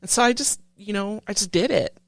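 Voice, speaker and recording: A woman who is a military veteran, telling a painful personal story in an interview in halting speech full of restarts. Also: mid-range voice, no echo. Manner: halting, with many restarts, recounting a painful memory. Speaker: veteran guest.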